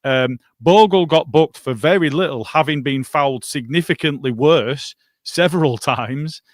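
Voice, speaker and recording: A man who is a regular guest on a football podcast, talking in casual chat and making his point with measured restarts. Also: a little high, no echo, clean studio sound.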